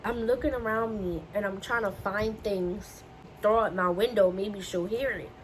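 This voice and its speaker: A woman's voice: mid-range voice, fairly even intonation, moderate pace, a little hiss or hum, poor audio. A young woman vlogger telling a personal story in a casual, emotional way, often repeating herself as she recounts it. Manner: emotional, repetitive retelling.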